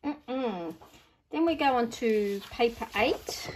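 A woman's voice: a little high, lively intonation, takes it slowly, a little hiss or hum. Gushing middle-aged Australian woman. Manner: gushing, chatty, breaks into delighted exclamations. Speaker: craft vlogger. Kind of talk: casual unboxing chat.

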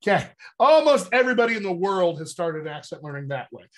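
A man's voice: high voice, sing-song, brisk. A man working as a dialect coach, explaining accent work in a casual, upbeat teaching manner with conversational fillers.

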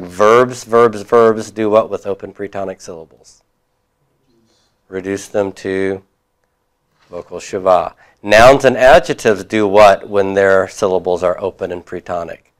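A man teaching a class, reviewing homework and prompting students with questions, with occasional chuckles. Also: lowish voice.

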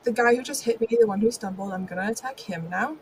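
A woman playing a tabletop game, reacting quickly and declaring her attacks. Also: medium pitch, a little hiss or hum, poor audio. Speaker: player.

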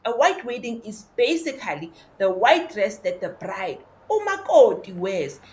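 A woman with a South African accent playing a proud, nostalgic young man turned into a dog, talking lively with township slang. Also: a little high, a little slow, a little hiss or hum. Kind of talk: audio drama acting.

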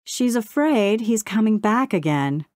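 A fussy male crow rattles off the week's gossip like a newspaper, in a clipped sing-song, as a woman puts him on. He sounds pitched up and unhurried. The recording is dry and close. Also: expressive, darkish tone, no room sound, close to an everyday voice. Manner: sing-song, clipped news-report delivery. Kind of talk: audiobook character voice.

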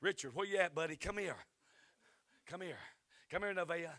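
High, bright preacher man. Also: normal speed, dry recording. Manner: rises to shouting, calls for responses. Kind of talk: revival sermon. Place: church sanctuary.

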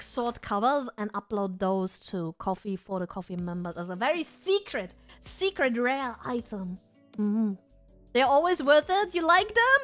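A woman with a high, light voice chats loosely with her live audience. She is excitable and drops swear words freely, and soft music plays faintly underneath. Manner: chatty and excitable, swears casually. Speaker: streamer. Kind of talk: casual live-stream chat with viewers.

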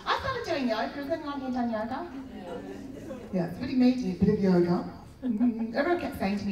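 A high, swooping middle-aged Australian woman delivers a stand-up routine, mocking herself with quick punchy asides. She sounds distant from the mic in a big echoey hall, with loud audience laughter rolling behind her. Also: crowd noise. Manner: animated, self-mocking storytelling with punchy asides. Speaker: stand-up comedian. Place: large expo hall stage. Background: audience laughing loudly.

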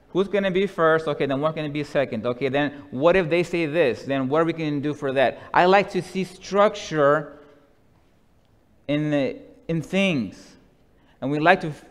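A man preaching a sermon slowly and deliberately, sometimes dropping to a soft hush. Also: fairly high pitch. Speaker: pastor. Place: church sanctuary. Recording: long church reverb.

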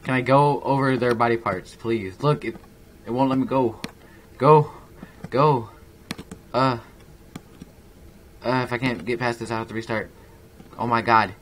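A young man giving casual, rambling gameplay commentary, self-mocking with excitable bursts. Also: medium pitch, moderate pace, long pauses, a little hiss or hum. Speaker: gaming YouTuber.

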